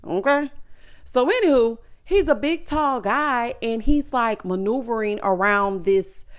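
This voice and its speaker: A woman's voice: on the high side, lively intonation, a little slow, smooth. A woman with a Southern US accent, recapping a reality show in a sassy, chatty way with asides to her viewers. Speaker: recap vlogger.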